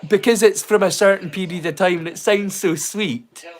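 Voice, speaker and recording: Scottish guy rambling on a live watch-along stream, highish voice, keeps bursting into songs. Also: moderate pace. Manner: rambling and chatty, breaks into song. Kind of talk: casual chat.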